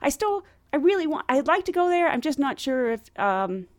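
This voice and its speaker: Woman podcast host, lively high voice, laughs a lot, dry close sound. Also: normal speed, dry recording. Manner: bubbly, laughs often, animated quoting. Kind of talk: casual storytelling chat.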